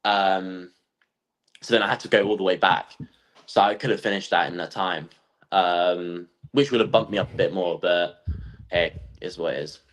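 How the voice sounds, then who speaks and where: A young man, a guest athlete, chatting casually and telling animated stories with lots of ums and likes. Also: low-pitched, moderate pace, rough recording. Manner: animated storytelling, acts out quotes; lots of fillers like um and like. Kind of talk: casual podcast chat.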